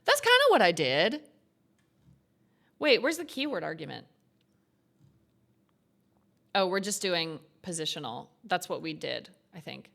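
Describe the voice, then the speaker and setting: A woman's voice: lowish voice, sing-song, a little slow, creaky, long pauses, a bit bright. Woman thinking aloud while coding. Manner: thinking aloud, reading code and lesson text half to herself. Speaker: streamer. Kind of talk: casual coding stream commentary.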